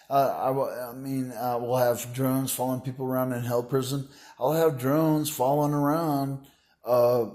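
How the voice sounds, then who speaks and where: A man's voice: medium pitch, darkish tone. A man talking in a rambling, grandiose monologue, filling his sentences with "you know" and "like" and preaching about his plans. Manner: meandering, full of "you know" and "like" fillers. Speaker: vlogger.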